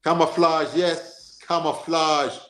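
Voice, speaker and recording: A man's voice: a little high, slow pace, reverberant. A man with a Jamaican accent hosting a casual football chat, talking animatedly and often checking in with "you understand?". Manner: animated, repeats himself, asks "you understand?". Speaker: podcast host.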